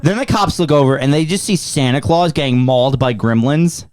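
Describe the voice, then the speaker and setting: A man's voice: medium pitch, a little fast, dry recording, clean studio sound. A man hosting a casual podcast movie review, walking through the plot scene by scene. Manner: recaps the plot scene by scene, animated. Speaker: podcast host.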